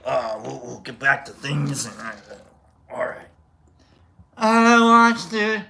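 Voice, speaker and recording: A man hosting a livestream who rambles through a casual story with frequent restarts and offhand swearing. His voice is gravelly and bright, and it swoops up and down a lot. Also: medium pitch, big pitch swings, slow. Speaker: livestream host.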